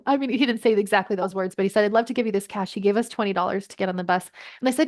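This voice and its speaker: A woman in her thirties, a parenting coach, telling a personal story in an earnest, reflective way with quick asides. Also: medium pitch, darkish tone. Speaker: podcast guest, parenting coach. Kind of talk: conversational storytelling.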